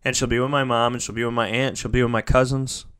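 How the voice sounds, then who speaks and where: Guy doing an emotional motivational talk, leans hard on words, repeats stuff, goes loud then almost whispers, normal-pitched voice. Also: level tone, quick pace, clean tone. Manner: emphatic, repeats phrases for stress; swings between loud pushes and soft near-whispers. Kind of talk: heartfelt motivational monologue.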